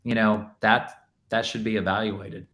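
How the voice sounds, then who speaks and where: A man with a low voice speaks on an industry panel. He talks in a loose conversational way, leaning on filler words as he thinks aloud. His delivery is relaxed and practical. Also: normal speed. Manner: conversational, frequent "you know" fillers. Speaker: panelist, restaurant tech executive. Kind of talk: panel discussion.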